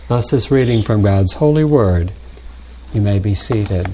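An older man, a pastor, delivering a measured sermon to his congregation and pausing now and then to clear his throat. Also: fairly low pitch, animated, mellow.

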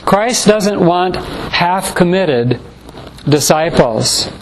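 A man preaching a morning sermon, measured and earnest, slowing down to stress scripture quotations. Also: sits high, lively intonation, background noise.

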